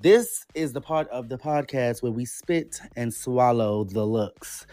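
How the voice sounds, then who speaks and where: A man's voice: mid-range voice, animated, normal speed, few pauses, a little mellow, no echo, studio quality. A man co-hosting a podcast, leading a segment in a playful, bawdy way. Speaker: podcast co-host. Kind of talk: casual reality-show recap chat.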